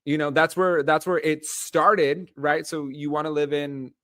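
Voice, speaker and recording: A man's voice: fairly high pitch, little pitch movement, measured pace, a bit bright, no echo, clean studio sound. A man with an American accent co-hosting a casual podcast chat, playful and giggly, stretching out his greetings. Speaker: podcast co-host.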